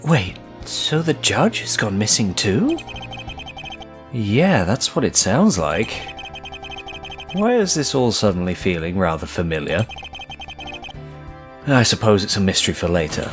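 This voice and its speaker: A man's voice: lowish voice, big pitch swings, a little slow, long pauses. A man voicing a fan game, breaking off into self-deprecating comedic asides. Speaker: let's-play narrator voicing a fan game. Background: music.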